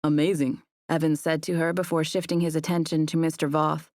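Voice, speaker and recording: An audiobook narrator reads a first-person story evenly and gently, at a fairly quick pace, in a lower-leaning voice. The recording booth sounds dry and close, with no room sound.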